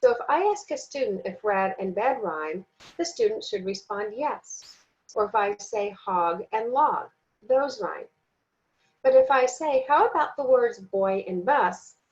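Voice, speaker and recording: A woman giving a recorded training lesson, speaking slowly and deliberately and sounding out words syllable by syllable. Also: on the high side, sing-song, muffled recording. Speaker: teacher trainer.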